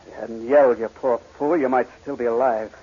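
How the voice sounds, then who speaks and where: Menacing street thug, played by a man, low, coldly insistent; 1940s radio drama, noisy dull sound. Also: steady tone, a little fast, lightly acted. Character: menacing male street attacker.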